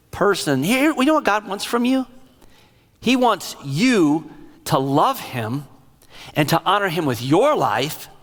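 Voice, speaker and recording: Middle-aged pastor preaching in a reverberant hall. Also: male voice, high-pitched. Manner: emotional, animated storytelling. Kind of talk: sermon. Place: large church sanctuary. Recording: long reverb of a large hall.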